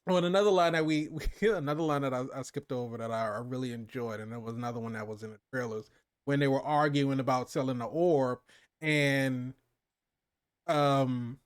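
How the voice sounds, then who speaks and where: A man co-hosting a casual movie review, retelling scenes with animated quoted lines and frequent laughter. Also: moderate pace, clean tone. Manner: animated storyteller, acts out quotes in higher voices with laughs. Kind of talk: casual chat recapping a film.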